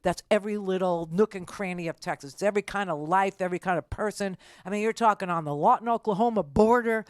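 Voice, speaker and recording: A woman's voice: medium pitch, fast, hardly any pauses, no echo, studio quality. An older woman hosting a political talk radio show, telling a story in a rambling, sarcastic way with many restarts.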